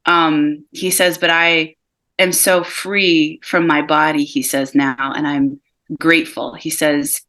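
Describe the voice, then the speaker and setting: Woman medium, video call, gentle and unhurried, bright low voice. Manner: relays messages in a calm, soft, slow delivery, with frequent laughs. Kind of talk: live mediumship reading.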